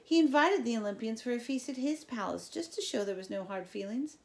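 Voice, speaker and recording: Spiteful old male villain as read by a woman: croaking, gravelly hushed menace with sudden loud orders. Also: a little high, expressive, voice pushed up. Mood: menacing. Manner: slow, sly storytelling with sudden loud orders. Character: sinister old male king, spiteful and gloating.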